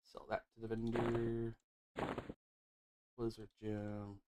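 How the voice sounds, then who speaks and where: Slow, offhand man sorting game loot. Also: on the low side, completely flat delivery, very noisy. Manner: mumbled, offhand remarks while sorting items. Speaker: streamer. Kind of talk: casual gameplay commentary.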